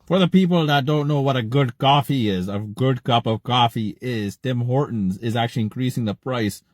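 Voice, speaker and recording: A man's voice: medium pitch, moderate pace, dry recording, clean studio sound. A man, ranting indignantly and bluntly in a casual vlog, repeating himself.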